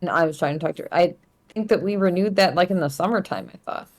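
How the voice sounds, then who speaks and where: A woman playing a tabletop game, chatting casually in a brisk, assertive way. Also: on the low side. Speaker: player. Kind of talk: casual chat.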